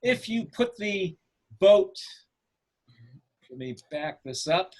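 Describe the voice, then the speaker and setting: Upbeat male photography teacher, higher voice. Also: animated, slow pace. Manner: asks the class questions, encouraging. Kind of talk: online class over video call. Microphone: video call.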